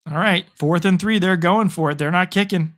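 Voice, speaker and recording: His voice high-pitched but hoarse and exhausted after a long day, a young Arizonan casually narrates football play by play for his live stream at a moderate pace. He talks with viewers, rising in excitement on the big plays.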